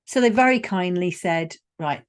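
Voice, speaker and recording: A woman's voice: lowish voice, normal speed, a little mellow. A woman hosting a solo podcast, telling a personal travel story in a conversational way with wry asides. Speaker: podcast host.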